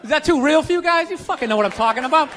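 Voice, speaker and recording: A man's voice: very high voice, lively intonation, racing. A stand-up comedian telling stories about his father, cursing and talking straight to the audience. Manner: storytelling, cursing, conversational with audience. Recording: live stand-up with faint crowd and noise.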